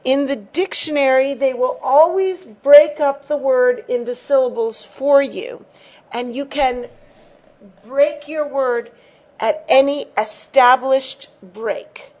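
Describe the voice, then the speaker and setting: A woman's voice: sits high, slow, darkish tone. A woman English teacher giving a lesson, patiently explaining, repeating key words and checking if students follow.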